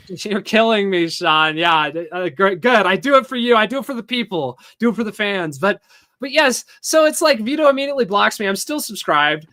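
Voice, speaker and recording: Bright-voiced rambling male podcast host. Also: high voice, lively intonation, moderate pace. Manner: rambling, reads chat messages aloud, frequent chuckles and filler. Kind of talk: casual rambling storytelling.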